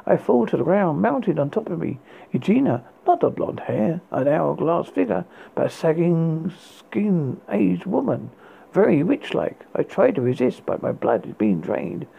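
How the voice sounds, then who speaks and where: A man hosting a horror podcast, reading his story in a halting way with restarts, on a tinny lo-fi recording. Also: fairly high pitch, sing-song, gravelly, slightly rough. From United Kingdom. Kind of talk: read horror story narration. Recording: tinny phone-like lo-fi sound.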